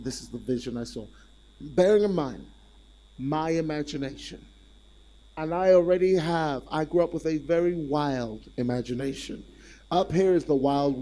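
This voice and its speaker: A man preaching a sermon as a visiting speaker, telling a story in an animated and self-deprecating way. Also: on the high side.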